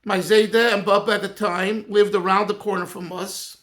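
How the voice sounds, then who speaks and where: A man, a Yiddish speaker, reminiscing in a personal talk as a rabbi, earnest and halting with many restarts. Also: high-pitched, fairly even intonation, a bit bright. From United States.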